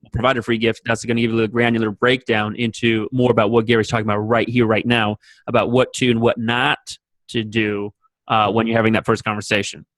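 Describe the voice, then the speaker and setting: A male interview host with a steady, monotone delivery, recapping points for his listeners. His voice sits close and dry, with no room echo. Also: lowish voice, fairly quick. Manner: brief affirmations, flat steady delivery. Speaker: podcast host. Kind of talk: interview hosting.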